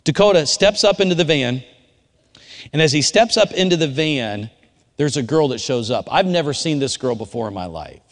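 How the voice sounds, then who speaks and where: A man who is a youth pastor, preaching a sermon through a personal story, dropping low and quiet at times and rising to loud shouted quotes. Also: animated, normal speed, big-room sound.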